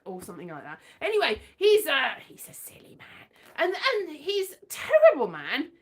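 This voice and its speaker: A woman's voice: high-pitched, wildly swooping pitch, normal speed, few pauses. A woman hosting a casual livestream, chatting in a playful, rambling way with sing-song bursts. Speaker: livestream host.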